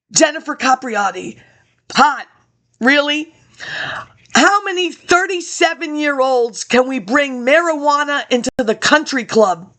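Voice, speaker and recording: A woman's voice: high voice, a bit bright. A woman giving a rambling spoken commentary, drifting into digressive asides and talking back to people who aren't there. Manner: digressive, talks to absent people, frequent laughs and asides; reads from old documents between tangents. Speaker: webinar presenter.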